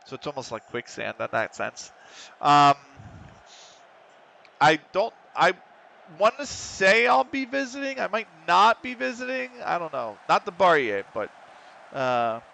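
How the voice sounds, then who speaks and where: A man's voice: mid-range voice, pushed and bright. An almost middle-aged American man streaming a football management game, chatting casually with viewers and swearing often. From United States. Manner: swears often, frustrated at the match, reads chat. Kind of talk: casual gaming stream chat.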